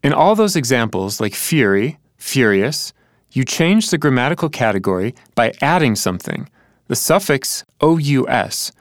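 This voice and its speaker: A man's voice: medium pitch, big pitch swings, moderate pace, no echo, clean studio sound. A man in a scripted teaching dialogue who answers questions and explains examples in turn. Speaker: co-presenter.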